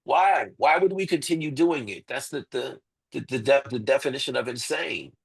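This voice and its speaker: A man's voice: medium pitch, moderate pace, vocal fry, slightly rough, rough recording. A man as an interview guest, making his case emphatically with rhetorical questions and repeated points. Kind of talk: impassioned interview talk.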